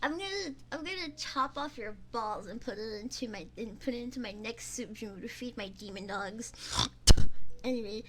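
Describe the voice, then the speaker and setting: A young woman streamer chatting casually on a binaural microphone, excitable, laughing and swearing as she pleads with her chat. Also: on the high side, moderate pace, noisy background. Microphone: binaural ASMR microphone.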